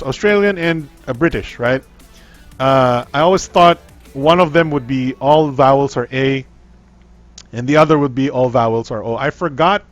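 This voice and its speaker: A man with a mid-range voice hosts a casual tech livestream, rambling along with frequent ums, restarts and sentences that trail off.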